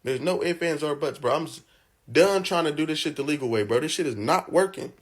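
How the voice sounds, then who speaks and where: A man's voice: fairly high pitch, lively intonation, a little fast. A man ranting angrily about being out of work, swearing often and ending lines with "bro". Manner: heated, profane, repeats "bro". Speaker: unemployed job seeker venting in a clip. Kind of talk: angry venting rant.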